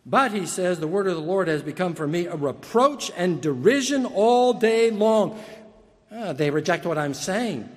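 A man with a notably high voice preaches earnestly from the pulpit, pressing his points with repeated words and restarts. His sermon rings out with a long reverb, as in a large church hall. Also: fairly bright tone. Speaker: pastor. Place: church sanctuary.

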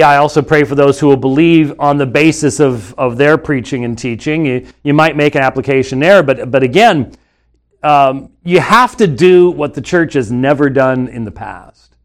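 A man with a somewhat high speaking voice hosts a live webcast from his studio. He argues his points emphatically and off the cuff, often restarting his sentences as he presses on. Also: moderate pace. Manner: emphatic, argumentative, with frequent restarts. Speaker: webcast host and Bible teacher. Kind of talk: unscripted live commentary. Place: studio with screens and computer.

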